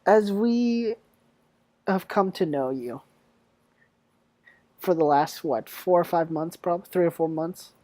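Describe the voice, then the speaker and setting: A man's voice: fairly high pitch, takes it slowly, long pauses, darkish tone, dry recording. A young man hosting a casual podcast chat, joking and teasing his guests and laughing often. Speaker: podcast host.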